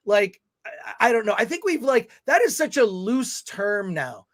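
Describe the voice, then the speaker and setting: Ranting livestream co-host, male, high voice, animated delivery. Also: normal speed. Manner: animated, ranting, reads viewer comments aloud. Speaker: podcast co-host reading chat. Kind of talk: livestream film chat, ranting.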